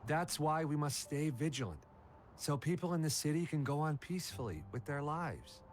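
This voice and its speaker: A man's voice: a little high, expressive, normal speed, slight background noise, natural voice. A man voicing a stern gate soldier. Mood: firm. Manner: formal and firm. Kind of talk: game voice acting.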